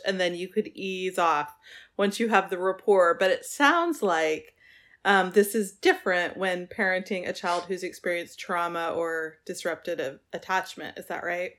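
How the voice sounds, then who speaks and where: Woman podcast host asking questions. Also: medium pitch. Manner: warm affirming questions, many fillers. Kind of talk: podcast interview.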